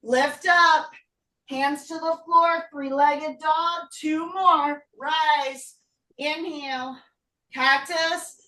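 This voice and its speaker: A high-voiced woman leads a yoga class over a video call, calling out unhurried breath and pose cues while she moves through the poses herself. She sounds short of breath. Her voice comes from a distance in an echoey room. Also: steady tone, pushed and bright. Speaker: yoga teacher. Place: home room.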